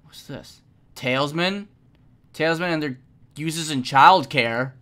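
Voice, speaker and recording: A young woman streaming a game, giving casual commentary with lots of swearing and sudden shouts. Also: low-pitched, a little slow. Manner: profane, excitable, frequent shouting.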